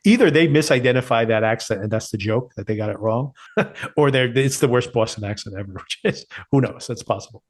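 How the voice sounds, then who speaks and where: A man's voice: mid-range voice, fairly quick. Male podcast co-host, medium voice, casual and reflective TV review chat. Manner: thoughtful, relaxed, chuckles often.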